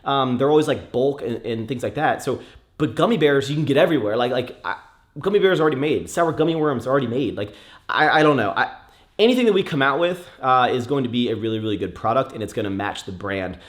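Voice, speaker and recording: A man's voice: mid-range voice, lively intonation, fast talker. A young man answering viewer questions in a casual chat, rambling with many fillers and restarts.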